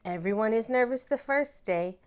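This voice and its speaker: A woman's voice: fairly high pitch, lively intonation, smooth, voice pushed up, lightly acted. A woman doing a gushing, bubbly principal. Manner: gushing, bright, brisk.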